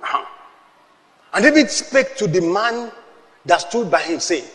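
A male pastor delivers an emphatic sermon. His voice sits high, and he punches key lines up to a shout. He calls out to the congregation to repeat after him, and a long reverb trails each phrase. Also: lively intonation, measured pace, pauses often. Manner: emphatic preaching, shouted peaks, call-and-response.

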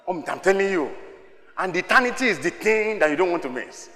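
A male pastor preaches in a sharp, forceful voice that sits high for a man. He works the congregation with call-and-response, sliding from quiet asides up to shouting. The sound is roomy, with reverb trailing off in a large hall. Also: very animated, fairly quick. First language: Yoruba. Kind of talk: sermon. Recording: echoey hall with long reverb.

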